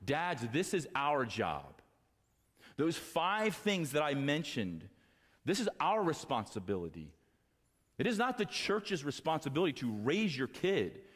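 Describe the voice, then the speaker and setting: A man's voice: on the high side, sing-song, measured pace. Man preaching a sermon in a hall. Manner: impassioned preaching, swings from quiet to loud. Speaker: pastor. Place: church sanctuary.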